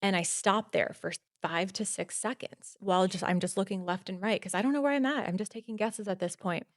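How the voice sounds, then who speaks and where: A woman guest on a podcast telling a personal story in casual talk, animated and full of "like" fillers. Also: mid-range voice, no room sound, clean studio sound. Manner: animated, acts out quotes, many "like" fillers.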